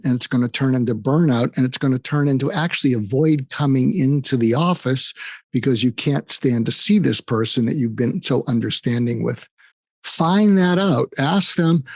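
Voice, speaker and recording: A man's voice: mid-range voice, darkish tone, no echo, clean studio sound. An older man speaking as a psychiatrist guest in an interview, earnest and emphatic, telling stories and repeating phrases for weight. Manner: earnest, storytelling, emphatic with repetition. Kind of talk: conversational interview advice.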